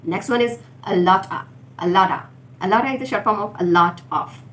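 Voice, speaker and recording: A woman teaching informal contractions, repeating each word slowly for learners. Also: medium pitch, fairly bright tone. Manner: slow, deliberate drilling of words. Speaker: English teacher. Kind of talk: spoken English lesson for learners. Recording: faint background noise.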